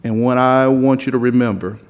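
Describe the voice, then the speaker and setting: A man's voice: medium pitch, fairly even intonation, normal speed, smooth. A man from South Carolina with a mild Southern drawl giving an impassioned keynote speech at a conference, building his points through rousing, repetitive lists. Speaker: conference speaker giving opening remarks. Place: large conference hall. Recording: long hall reverb from a conference hall.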